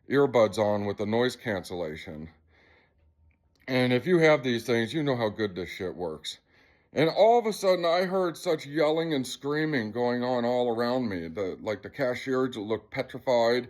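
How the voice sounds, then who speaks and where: A man vlogging to camera, retelling an incident in a rambling, agitated and profane way. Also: medium pitch. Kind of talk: casual storytelling to camera.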